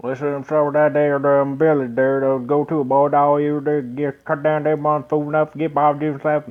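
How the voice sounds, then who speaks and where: A man's voice: fairly high pitch, completely flat delivery, fairly quick, natural voice. A man voicing a folksy backwoods villager in a game, with an exaggerated country drawl. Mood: rambling. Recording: dull lo-fi recording.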